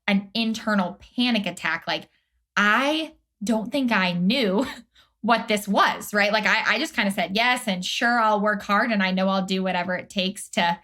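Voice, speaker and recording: A woman's voice: medium pitch, fairly bright tone. A young adult woman from Atlanta, talking as an interview guest in an upbeat, chatty way full of fillers. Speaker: guest, career strategist. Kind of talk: casual interview chat.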